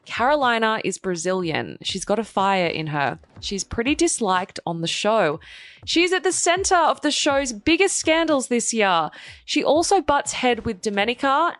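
A woman's voice: medium pitch, a bit bright, no echo. Woman, young adult, sarcastic gossip host, chatty, dry recording. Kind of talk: scripted gossip commentary with asides.

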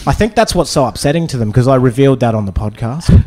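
Animated man telling stories. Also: mid-range voice, fast talker. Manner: animated storyteller, swears a lot. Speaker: comedian. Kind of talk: casual podcast chat.

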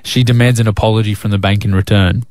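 A young man co-hosting breakfast radio with a cheeky, joking delivery. His voice sits at an ordinary pitch and sounds close and dry, with no room around it. He tells stories casually and playfully. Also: steady tone, quick pace, a little mellow, no room sound. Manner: cheeky, playful, jokey storytelling. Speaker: radio co-host.

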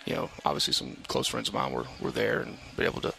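A man's voice: extremely low pitch, creaky. A man, a head football coach talking casually on a live radio show with many fillers and restarts. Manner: halting, many fillers and restarts, animated when telling stories. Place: outdoor brewery patio at a live radio show.

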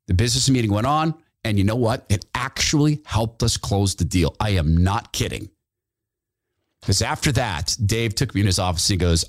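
A man hosting his own talk show, telling a personal story with lively delivery and acting out the voices of the people he quotes. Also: lowish voice, normal speed, no echo, clean studio sound. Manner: animated, acts out quoted voices. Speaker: radio show host. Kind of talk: storytelling monologue.

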